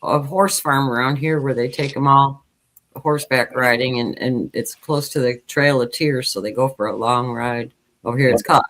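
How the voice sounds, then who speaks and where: A man co-hosting a casual chat, easygoing and a little halting, repeating words as he goes. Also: mid-range voice, fairly bright tone. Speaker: co-host.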